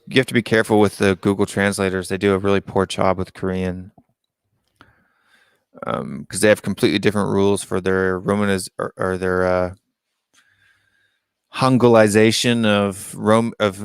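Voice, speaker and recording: A man's voice: lowish voice, steady tone, normal speed, clean tone, dry recording, clean studio sound. An American man hosting a casual live-stream call-in show, reading out viewer comments and musing on them aloud. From United States.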